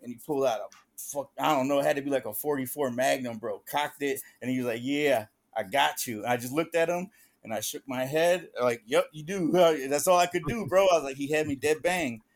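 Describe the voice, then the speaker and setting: A man's voice: mid-range voice, brisk. A man telling street stories in a casual podcast chat, profane and full of slang, acting out the voices of people in his tales. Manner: profane street slang, says "bro" often; acts out quoted voices in the stories. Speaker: podcast guest or co-host.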